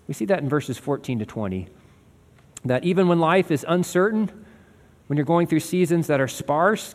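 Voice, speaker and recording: A man's voice: a little high, long reverb tail. A man preaching a sermon as a pastor, earnest and conversational, asking his listeners rhetorical questions.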